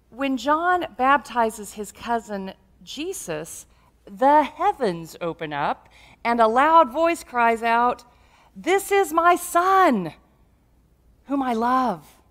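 A woman pastor preaching a sermon, telling stories in an animated, humorous way. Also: a little high.

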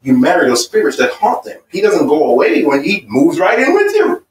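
A man's voice: a little high, huge pitch swings, normal speed, hardly any pauses, echoey room, recorded from a distance, faint music behind, low-quality recording. A man teaching a marriage seminar in an emphatic, repetitive way, building points with personal stories. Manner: emphatic and repetitive, stacking phrases. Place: seminar room.

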